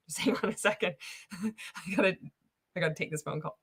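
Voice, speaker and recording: A woman's voice: on the low side, brisk, slightly rough. A woman hosting reaction commentary, sarcastic and profane, laughing often. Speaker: commentary host.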